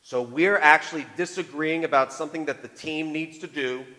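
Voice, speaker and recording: A man preaching a sermon on marriage, animated, moving between loud emphasis and hushed tones. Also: fairly high pitch, normal speed. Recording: long reverb of a large hall.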